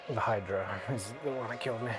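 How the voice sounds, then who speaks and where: A man's voice: lowish voice, fast. Dry, sarcastic male streamer. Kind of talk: casual gaming chat. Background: game music.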